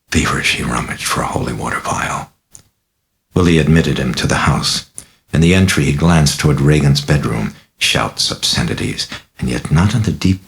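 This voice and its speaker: A man narrating his own novel as an audiobook in a measured, grave, dramatic reading. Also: very deep voice, vocal fry.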